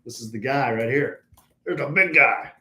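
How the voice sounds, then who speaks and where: Joking and lively, a middle-aged podcast co-host chats casually with his son at a normal speed in a mid-range voice. The sound is echoey, with some faint noise.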